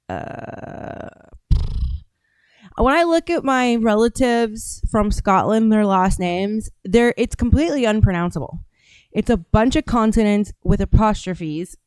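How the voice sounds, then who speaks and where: A woman's voice: mid-range voice, darkish tone, clean tone, no echo. An American woman hosting a casual live stream, rambling as she reads out viewer comments. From United States. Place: home studio.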